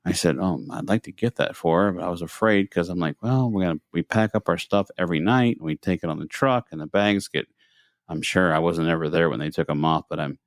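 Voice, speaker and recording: Low-voiced man telling an animated story. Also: fairly quick, no echo, studio quality. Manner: animated storyteller, acts out quotes in raised voices. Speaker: podcast co-host. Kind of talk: casual storytelling chat.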